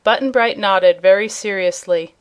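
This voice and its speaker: A woman's voice: medium pitch, normal speed, clean tone. Woman reading a storybook aloud. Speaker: audiobook narrator. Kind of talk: scripted storybook narration.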